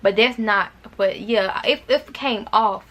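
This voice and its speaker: A woman's voice: medium pitch, slow, fairly bright tone. A young woman from Arkansas, telling a dramatic storytime to her viewers in casual chat, with repeated words and asides. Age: young adult. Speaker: vlogger.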